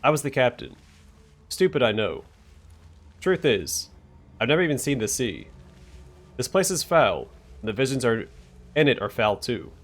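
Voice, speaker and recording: A man's voice: medium pitch, big pitch swings, normal speed, long pauses. A man reading the lines of an ashamed, bitter young man in a game, muttering and putting himself down. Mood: glum. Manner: muttering, self-deprecating.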